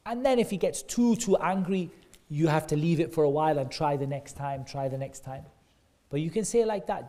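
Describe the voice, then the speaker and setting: A man leads a children's class with a mellow, slightly high voice. He keeps asking the kids questions and echoes their answers back with warm praise. His talk is loose and encouraging, full of everyday examples. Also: expressive, normal speed. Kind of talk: interactive lesson for kids.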